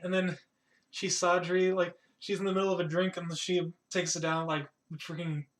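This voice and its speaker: Rambling game master, higher voice. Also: male voice, level tone, normal speed, fairly bright tone, reverberant. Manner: rambling, many fillers, laughs often. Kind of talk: narrating a tabletop game.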